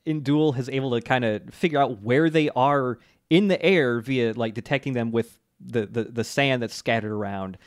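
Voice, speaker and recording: A man's voice: mid-range voice, normal speed, hardly any pauses, no room sound. Male podcast co-host, easygoing recap, close dry mic. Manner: relaxed storytelling with fillers, laughs along. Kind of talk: casual chat recapping an anime.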